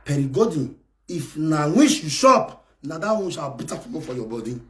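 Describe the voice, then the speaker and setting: Ranting Nigerian man, high and wildly swinging. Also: very animated, moderate pace. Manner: shouting, scolding and taunting in Pidgin-laced English. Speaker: live video host. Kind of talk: angry ranting live stream. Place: abroad in France.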